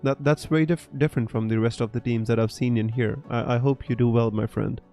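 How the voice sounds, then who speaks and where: A man's voice: mid-range voice, fairly even intonation, fairly quick, dark tone, faint music behind. A man from Punjab with a Punjabi Indian English accent, chatting casually on a live stream and reading out viewer questions in an easygoing, chatty way. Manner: chatty, easygoing, peppered with "you know" and "bro". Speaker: fantasy football streamer.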